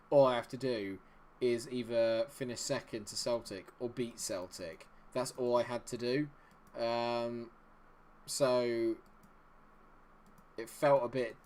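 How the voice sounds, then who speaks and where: A young man giving casual, rambling commentary while he plays a football management game, with excitable bursts. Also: medium pitch. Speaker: gaming video host.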